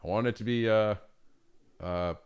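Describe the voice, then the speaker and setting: Reading out viewer messages, this man on a livestream answers casually, laughing and cursing often with lots of animation. He has a fairly low pitch, talks at normal speed, and sounds clean.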